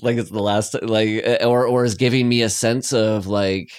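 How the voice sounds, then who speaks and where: A man with a lowish voice co-hosts a casual podcast. He rambles and hesitates as he works through his thoughts about a film. The recording is dry and close. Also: steady tone, clear, resonant tone, no echo. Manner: rambling, halting, lots of fillers and restarts. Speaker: podcast co-host. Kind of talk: casual movie chat.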